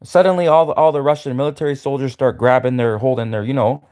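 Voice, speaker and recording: A man's voice: mid-range voice, steady tone, fast, darkish tone, clean tone. A man giving a repetitive, mocking rant to camera in a livestream, full of stammers and restarts. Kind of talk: ranting monologue to camera.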